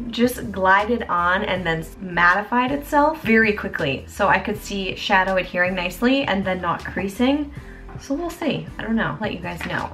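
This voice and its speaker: A young woman chatting casually as a beauty vlogger, bubbly and quick to exclaim. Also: mid-range voice, fairly bright tone. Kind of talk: casual chat.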